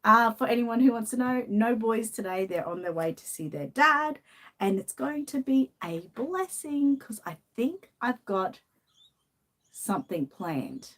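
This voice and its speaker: A woman's voice: a little high, big pitch swings, a little slow, a bit bright. Aussie woman chatting on a live stream, laughs a lot, reads comments out. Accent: Australian. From Australia. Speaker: channel host. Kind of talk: casual live-stream chat.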